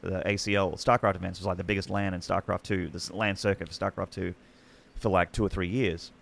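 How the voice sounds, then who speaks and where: Aussie male guest, husky-gravelly low voice, chatty, excitable storyteller. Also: fairly quick. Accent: Australian. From Australia. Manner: rambling, excitable anecdotes with many restarts. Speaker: podcast guest, esports commentator. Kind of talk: casual storytelling chat.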